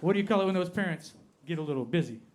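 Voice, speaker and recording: With slight background noise behind him, an Appalachian man with an American Appalachian accent does stand-up on a comedy club stage. His voice is a little high and very fast, yet he stretches out each punchline with a deadpan delivery.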